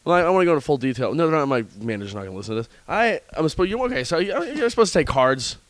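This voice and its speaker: A man's voice: fairly high pitch, sing-song, rapid-fire, no room sound. A young man co-hosting a podcast, rambling through stories with frequent restarts and laughter. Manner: rambling, restarts mid-sentence, laughs often. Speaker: podcast co-host. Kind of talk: casual podcast chat.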